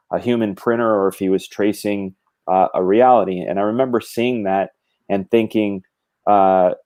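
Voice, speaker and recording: Man, low voice, mellow tone, animated casual talk, middle-aged. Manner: animated, explains with gestures and quoted thoughts. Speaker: comic book artist guest. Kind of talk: casual conversation.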